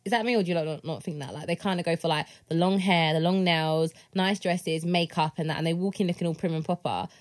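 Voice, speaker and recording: A woman's voice: quick pace, hardly any pauses. A young woman, co-hosting a casual podcast and acting out quotes with big jumps in her voice. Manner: animated, acts out quotes with big pitch jumps. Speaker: podcast co-host. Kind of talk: casual chat.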